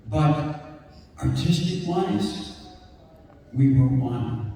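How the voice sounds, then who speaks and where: A man's voice: on the high side, mellow, slight background noise. An older man answering fan questions at a convention panel, rambling and emotional, at times close to tears. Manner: gruff, rambling, breaks down near tears. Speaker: celebrity convention panel guest. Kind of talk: emotional storytelling Q&A. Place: large convention hall. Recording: echoey hall, captured from far off.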